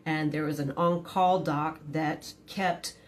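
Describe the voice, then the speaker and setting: A middle-aged woman telling a personal story in a casual storytime, blunt and profane but quiet, never raising her voice. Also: fairly even intonation, slow pace, a little hiss or hum. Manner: quiet, low-key delivery.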